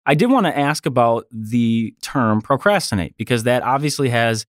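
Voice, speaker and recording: A man's voice: mid-range voice, lively intonation, normal speed, no echo, clean studio sound. A man hosting an interview, asking friendly questions and reacting to his guest's answers. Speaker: interview host.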